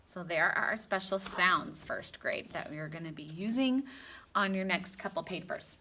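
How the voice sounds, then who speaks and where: A woman teaching young children phonics and grammar, speaking at a very slow, deliberate pace. Her tone is bright and clear, with a sing-song lilt and stretched-out sounds. She keeps it lively with gasps and small jokes along the way. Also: mid-range voice. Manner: animated, with gasps and playful asides. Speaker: elementary school teacher.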